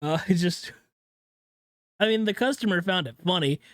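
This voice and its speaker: A man's voice: sits high, fairly bright tone, no room sound, studio quality. Young man joking casually on a podcast. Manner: swearing, joking, does quick impressions. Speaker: podcast co-host. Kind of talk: casual chat.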